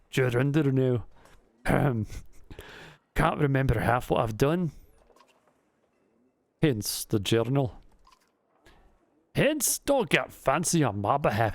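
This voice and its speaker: A man voicing an old, gruff male giant warrior in a put-on Scottish accent, blunt and crude, while reading game dialogue aloud. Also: mid-range voice, animated, slow, long pauses, dry recording. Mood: weary.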